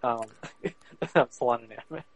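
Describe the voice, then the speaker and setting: A man's voice: medium pitch, unhurried, slight background noise, low-quality recording. A man co-hosting a podcast in casual chat, rambling with many fillers and laughing often. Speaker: podcast co-host.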